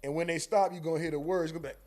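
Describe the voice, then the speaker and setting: A man hosting a livestream in casual chat, telling jokes and acting out exchanges with sudden loud outbursts, speaking. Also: a little high, racing. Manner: animated joking storyteller, acts out exchanges with loud outbursts. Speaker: livestream host.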